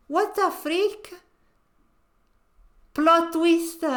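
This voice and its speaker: Woman streamer, lively game commentary, high pitch, gushing reactions. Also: normal speed, slight background noise.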